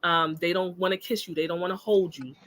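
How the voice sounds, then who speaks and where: A woman on a podcast, telling stories in a lively, emphatic way in casual chat. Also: on the low side, fairly quick, a little hiss or hum, poor audio. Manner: animated, emphatic storytelling. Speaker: podcast guest discussing relationships.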